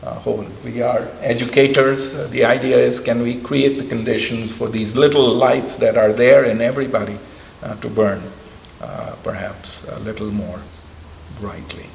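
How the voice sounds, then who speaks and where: Brief: male academic speaker, lively storyteller, echoey hall with long reverb. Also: mid-range voice, normal speed, creaky. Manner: animated storyteller, many "you know"s. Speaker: professor of communication giving a talk. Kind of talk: storytelling talk. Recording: echoey hall with faint noise.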